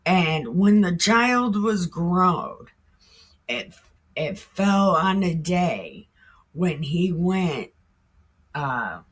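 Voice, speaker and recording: Slow, husky woman retelling scripture. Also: lowish voice, big pitch swings. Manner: slangy, cussing, laughing asides. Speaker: Bible storyteller. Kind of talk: casual, irreverent Bible retelling.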